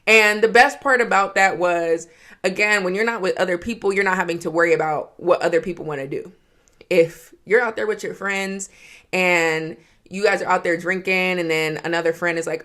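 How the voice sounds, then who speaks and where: A young woman from Georgia, hosting her podcast from her home office and telling a story in a chatty, excitable way. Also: fairly low pitch, moderate pace. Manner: chatty, excitable, many "like" fillers. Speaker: podcast host. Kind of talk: casual storytelling monologue.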